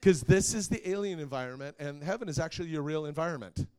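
A male pastor with a slightly high, clear, resonant, warm voice preaches at a quick pace to a live congregation. His sermon is conversational and joking, and he asks the audience questions.

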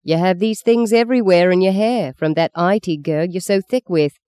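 A reader voicing a stern, weary farm mother with many children, in an audiobook, with a smooth voice. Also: medium pitch, moderate pace, a little mellow, no room sound, clean studio sound, natural voice. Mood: scolding.

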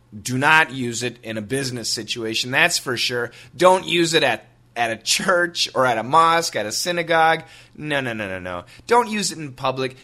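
Lively, upbeat man teaching a podcast lesson. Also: mid-range voice. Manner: upbeat and animated, spells words out slowly. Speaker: English teacher and podcast host.

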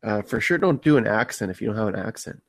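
A young man with a low, gravelly voice trades blunt, dry remarks in a casual chat. He curses easily and keeps his comments short. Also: expressive, fast talker.

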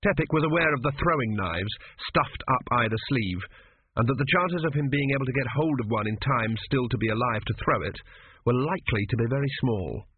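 A man's voice: medium pitch, expressive, a little fast, a little hiss or hum. A man reading an audiobook in a dry, wry storytelling manner. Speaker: audiobook narrator. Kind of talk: scripted narration. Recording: dry tinny phone-like sound.

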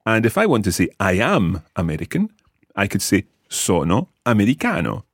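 Scottish male teacher, deep and husky, dry close sound, patient lesson delivery. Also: huge pitch swings, normal speed, no room sound. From Scotland. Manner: patient, clear, modelling words for learners. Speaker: language teacher. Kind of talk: podcast language lesson.

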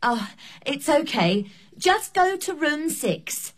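A flustered hotel receptionist who spells things out slowly and clearly in a scripted learning drama. Her voice sits high and moves a lot. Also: sing-song, heavily acted. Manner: speaks slowly and clearly to be understood.

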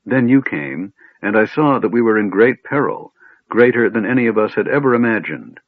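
A grave, sorrowful silver dragon maiden, as a male narrator puts her on, low and passionate in her speech. Her lines rise a little above his own lively, lowish voice. The sound is thin and tinny, as if over a phone, and completely dry. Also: moderate pace, no room sound. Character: sorrowful female silver dragon in elf form.

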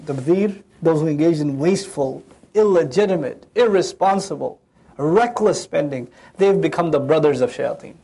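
A man from Pakistan giving an Islamic sermon, telling stories, acting out quoted people and reciting Arabic verses quickly. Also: on the high side, a little mellow. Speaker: Islamic preacher.

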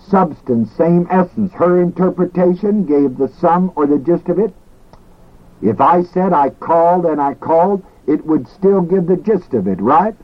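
A man teaching a class on ministry in a slow, deliberate way, repeating his key words. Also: fairly high pitch, lively intonation, narrow, tinny audio. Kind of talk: recorded teaching lecture.

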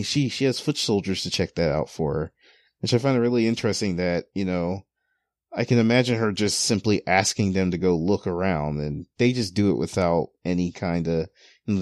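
A man's voice: low-pitched, darkish tone, no room sound, clean studio sound. A man speaking as a guest on a podcast in casual chat, enthusiastic and full of "you know.". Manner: enthusiastic, many fillers and restarts.

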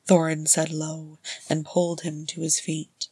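Woman audiobook narrator, lowish breathy voice, measured reading. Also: completely flat delivery, mellow, dry recording. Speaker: audiobook reader. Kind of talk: scripted narration.

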